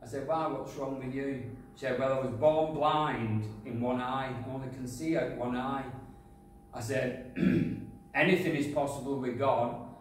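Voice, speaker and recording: A man preaching a sermon, telling a personal testimony, going from loud praise to quiet asides. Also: medium pitch, steady tone, a little slow. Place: church hall. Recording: echoey hall, from far off, faint noise.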